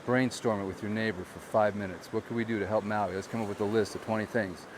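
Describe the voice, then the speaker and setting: His voice is fairly low and fairly flat in intonation, and he talks fast against background noise. A real estate agent who vlogs, he's outdoors by the water filming a handheld walk-and-talk on a gimbal, frustrated and blunt with his viewers.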